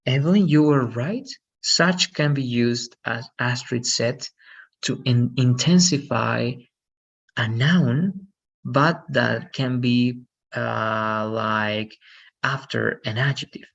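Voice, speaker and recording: A man's voice: medium pitch, creaky, a bit bright, husky, dull audio. A man teaching an English lesson, patiently explaining and often checking in with "right?".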